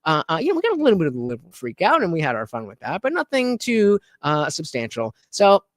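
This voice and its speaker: Guy hosting a stream, swings his pitch all over, sarcastic and sweary, dry close sound. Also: fast talker, no room sound. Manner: animated and sarcastic, swears, mocks with exaggerated voices. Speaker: livestream host. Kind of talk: casual live-stream chat.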